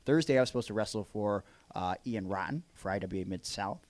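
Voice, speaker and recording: A man's voice: lowish voice, fairly quick, crowd noise. A man hosting a podcast, recounting his week in a rambling, hesitant way with many restarts. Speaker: podcast host. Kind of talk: casual podcast chat.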